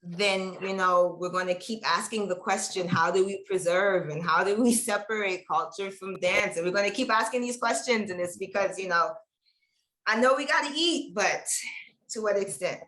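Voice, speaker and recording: A woman's voice: mid-range voice, moderate pace, fairly bright tone. A woman on an online panel talking emphatically and reflectively over a video call. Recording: echoey room.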